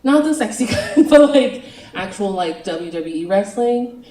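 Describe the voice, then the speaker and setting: A woman's voice: fairly low pitch, unhurried, distant mic, background noise. A young woman doing a stand-up comedy set, chatty and self-mocking, giggling between lines. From United States. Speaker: stand-up comic. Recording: roomy venue, picked up from afar.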